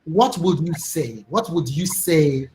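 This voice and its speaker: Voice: mid-range voice, animated, slow pace. Enthusiastic interview host, faint background hiss. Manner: enthusiastic, affirming, explains with examples. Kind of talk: interview hosting.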